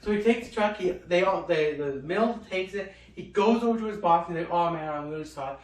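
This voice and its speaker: A man telling funny family stories in casual chat, animated and swearing freely as he acts out the people in them. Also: high voice, fairly quick. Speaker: storyteller, co-host. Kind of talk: casual storytelling. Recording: echoey room, mic at a distance.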